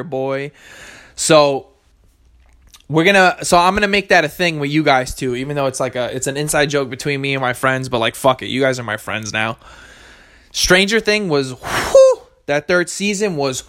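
On his solo podcast, a young host speaks in a medium-pitched, bright, forceful voice. The talk is casual and rambling, heavy on swearing and self-contradiction.

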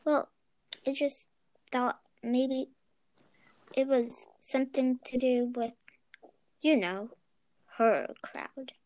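A woman's voice: high-pitched, slow pace, long pauses, a little mellow, dry recording. A woman doing a nervous, mumbling middle-aged man. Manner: mumbling, hesitant.

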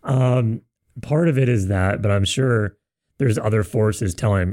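A man's voice: fairly low pitch, a little slow, darkish tone. A man co-hosting a casual podcast, who swears freely and speculates loosely about things he has heard. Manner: profane, laughs along, speculative. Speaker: podcast co-host.

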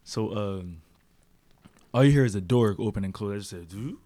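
A man's voice: lowish voice, moderate pace, warm tone, a little hiss or hum. A man co-hosting a podcast, telling a story in casual chat, full of slang and fillers. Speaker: podcast co-host.

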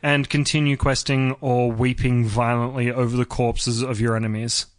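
A young Australian man co-hosting a podcast, casual chat with a joking, deadpan humor. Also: medium pitch, moderate pace, no room sound, clean studio sound. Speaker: podcast co-host.

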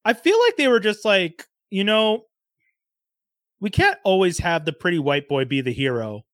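A high-pitched man with a very lively, swooping voice chats animatedly and laughs often. His tone is bright and forward, recorded dry and close. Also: moderate pace, no echo. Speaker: podcast co-host. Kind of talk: casual chat.

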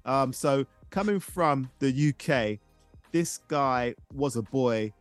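A man in his forties hosting a casual nostalgia podcast, animated and tripping over his words. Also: medium pitch, slow, no echo, soft background music. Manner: animated, stumbles and repeats words. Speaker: podcast host.

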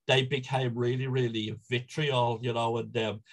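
A middle-aged Irish man, a football supporter appearing as a guest, tells stories in casual chat. He rambles with many restarts and chuckles in a medium-pitched, flat voice at normal speed. The recording quality is low.

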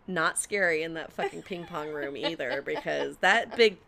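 Lower-voiced young woman, swears freely, acts out quotes in lively chat. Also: moderate pace, vocal fry, a crowd in the background. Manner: animated, profane storytelling with acted-out quotes. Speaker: storyteller guest. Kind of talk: casual chat.

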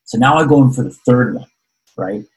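A man telling a personal story in casual conversation, animated and repeating words as he acts out quoted voices. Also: mid-range voice, a little fast, rough recording.

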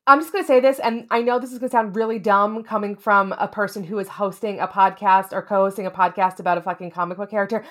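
A woman's voice: medium pitch, steady tone, fast, few pauses. A woman co-hosting a casual podcast, playful and rambling, swearing for emphasis. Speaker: podcast co-host.

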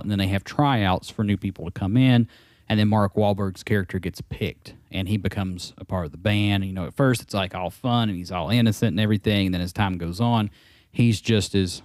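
A low-pitched man chats casually on a podcast and lets his stories ramble. His voice sounds dry, with no room echo. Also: darkish tone. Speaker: podcast co-host. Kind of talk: casual chat.

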